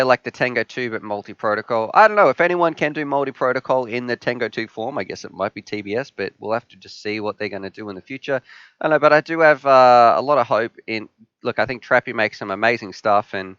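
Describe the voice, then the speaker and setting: A man's voice: lowish voice, a bit bright, no echo, lo-fi sound. A man with an Australian accent hosting a live stream Q&A, upbeat as he reads viewer questions aloud and answers them. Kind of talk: live stream Q&A, casual chat.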